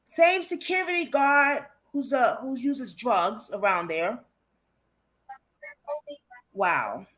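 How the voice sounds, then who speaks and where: A woman's voice: fairly high pitch, animated, slow pace, long pauses, a bit bright. A woman hosting a true crime interview over a call, often reacting with short exclamations. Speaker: true crime channel host.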